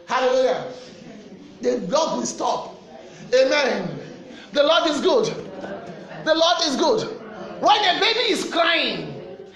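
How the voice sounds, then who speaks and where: Fervent high-voiced Nigerian preacher. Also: male voice, echoey room. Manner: fervent, animated preaching with shouted refrains. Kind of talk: sermon.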